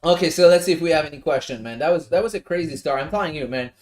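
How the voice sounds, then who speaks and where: A man hosting a casual livestream from his home office, telling a lively story and swearing freely. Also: a little high, racing. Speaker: livestream host.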